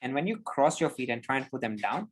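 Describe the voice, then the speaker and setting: A man giving public speaking tips on a podcast over a video call, explaining in an animated, demonstrative way. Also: medium pitch, fast, slightly rough. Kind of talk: instructive podcast conversation.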